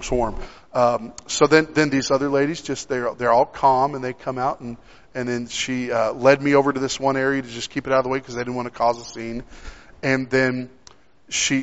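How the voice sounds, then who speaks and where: A young man preaching a sermon, telling a personal story in a conversational way with frequent restarts. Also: medium pitch. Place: church sanctuary. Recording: dull sound with long hall reverb.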